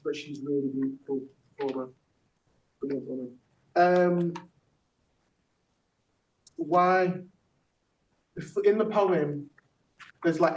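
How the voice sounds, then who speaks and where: A man's voice: fairly high pitch, a little mellow, a little hiss or hum. A man, a workshop facilitator performing spoken word poetry with punchy rhythm, then discussing it with a group. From Yorkshire, England. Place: theatre workshop room. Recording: echoey room from a distance, dull.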